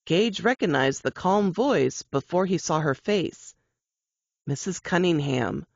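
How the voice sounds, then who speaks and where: Woman slowly reading suspense fiction. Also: fairly low pitch, dry recording, muffled recording. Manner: measured dramatic reading. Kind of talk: reading a fiction excerpt aloud.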